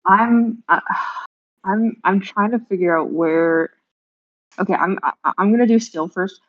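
A woman's voice: mid-range voice, a little slow. A young woman on a casual podcast, hesitant and stammering as she talks. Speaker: podcast guest. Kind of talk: casual chat. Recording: dull lo-fi mic.

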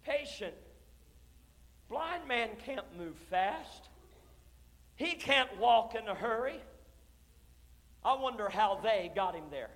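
High, bright-voiced man preaching a sermon. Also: lively intonation, measured pace, pauses often. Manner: impassioned preaching, swinging from hushed to shouting. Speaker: pastor. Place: church sanctuary. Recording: long reverb of a church hall.

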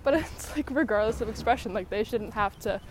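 A woman's voice: on the high side, brisk, slight background noise. Breathless woman rambling on a walk. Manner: rambling, filler-heavy, frequent laughs. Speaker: vlogger. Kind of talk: casual rambling talk to camera while walking. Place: outdoors on a walk, birds about.

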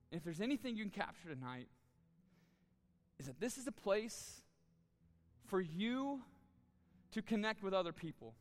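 Bright, clear-voiced pastor in a hall. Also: male voice, high-pitched. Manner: earnest, candid, repeats words when moved. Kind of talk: sermon with personal story. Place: church auditorium, live audience. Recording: long reverb of a large hall.

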